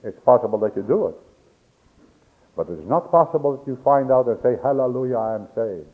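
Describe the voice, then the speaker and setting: A man's voice: mid-range voice, very animated, brisk. A man preaching a sermon as pastor, building to emphatic peaks with homely grammar slips. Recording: dull lo-fi recording.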